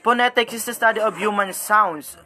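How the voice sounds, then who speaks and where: A young Filipino man with a Filipino accent gives a halting classroom report, pausing and searching for words as he switches languages mid-sentence. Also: sits high, bright, forceful tone. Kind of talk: informal classroom explanation.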